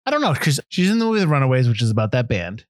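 A man in casual movie chat with a very lively, swooping pitch that shoots up when he rants. The sound is close and dry, with no room around it. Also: racing, no echo. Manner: animated, jumps to high-pitched disbelief when ranting. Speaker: movie podcast co-host.

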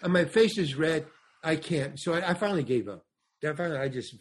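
A man's voice: a little high, animated, a little fast, breathy edge. An older man, a stand-up comedian and actor, telling a long anecdote as a podcast guest, acting out quoted dialogue and often restarting his sentences. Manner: rambling storyteller, acts out quoted dialogue, frequent restarts. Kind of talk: anecdotal interview storytelling.

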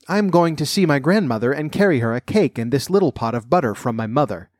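A man's voice: medium pitch, lively intonation, fast, darkish tone, dry recording, clean studio sound, natural voice. A man voicing a polite, trusting little country girl in a fairy tale.

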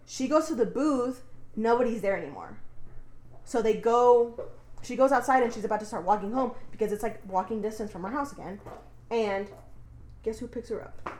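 Her fairly high, animated voice has a slightly mellow quality and a moderate pace. She's a young podcast co-host in an echoey room, loosely recapping a book with plenty of swearing and frequent "like"s.

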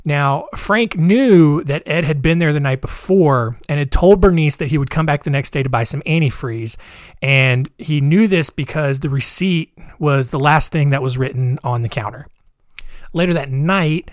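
A man's voice: mid-range voice, no echo, studio quality. A young man casually retelling a true-crime story, chatty, with fillers and personal asides.

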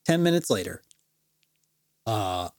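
A man co-hosting a podcast, telling a story in a casual, animated way and laughing often. His pitch moves a lot, and the close mic gives a dry, roomless sound. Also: takes it slowly, no room sound. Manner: animated, laughing, full of fillers. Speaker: podcast co-host.

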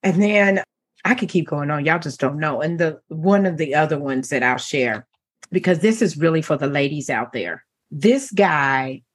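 Brief: middle-aged woman talk show co-host, husky, animated storyteller, laughs a lot. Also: low voice, normal speed. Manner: animated, laughing, voices quoted men. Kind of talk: casual storytelling chat.

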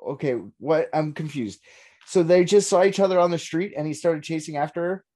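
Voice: mid-range voice, brisk, mellow. A podcast co-host reacting in casual chat, swearing freely and asking puzzled questions.

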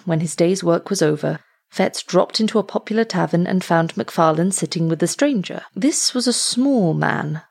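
A woman reading a story aloud as narrator, in a steady, measured way. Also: on the low side, vocal fry. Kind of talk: audiobook reading.

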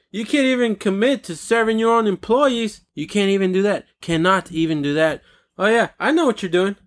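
A fairly high-pitched man hosts a podcast alone and rants with heat. He swears freely and hammers his points home by repeating them. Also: fairly bright tone. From United States. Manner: heated, swearing, repeating lines for emphasis. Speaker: podcast host. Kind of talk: solo profane rant.

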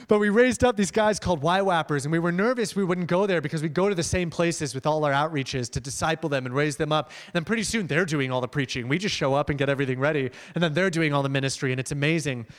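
Young guy preaching, slightly high voice, chatty and excited, laughs a lot telling mission stories. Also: fast. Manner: energetic and conversational, laughing often. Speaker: missionary speaker. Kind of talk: storytelling sermon with slides.

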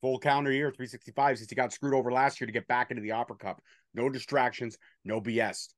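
Here is a man at an ordinary middle pitch, talking casually as a show host and running through a recap with swearing and teasing jabs. His voice sits close and dry, with no room sound around it. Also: fairly even intonation, fast talker, a bit bright, dry recording. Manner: profane, bantering play-by-play recap. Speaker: podcast host recapping wrestling. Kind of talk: casual chat.

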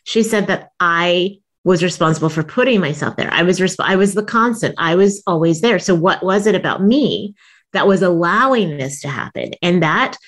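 Woman comic guest, lowish voice, tells stories animated, jumps way up when she quotes people, laughs a lot. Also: moderate pace. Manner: animated, acts out quotes with big pitch jumps, laughs often. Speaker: guest, comedian and author. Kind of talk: storytelling interview.

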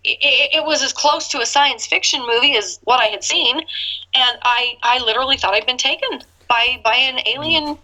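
A woman in her fifties, an interview guest telling her own story in an earnest, animated way with laughs between phrases. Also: sits high, moderate pace, rough recording. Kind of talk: candid personal storytelling.

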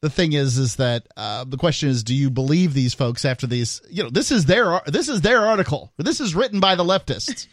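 A man's voice: a little high, expressive, brisk, hardly any pauses, no room sound, clean studio sound. A man hosting a call-in talk radio show, chatting casually and wryly and laughing easily.

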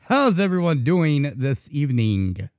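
A man's voice: a little high, measured pace, no room sound, clean studio sound. Profane laid-back male radio host. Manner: profane, relaxed banter. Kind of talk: casual late-night talk radio.

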